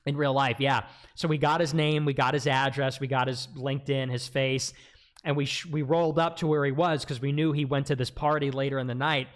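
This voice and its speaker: A man casually telling a story on a livestream, animated, acting out quotes in a raised voice. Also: medium pitch, brisk. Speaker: livestream guest.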